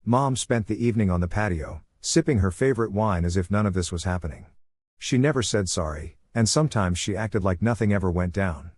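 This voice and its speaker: A man giving a steady, scripted narration of a story. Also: on the low side, brisk, no room sound.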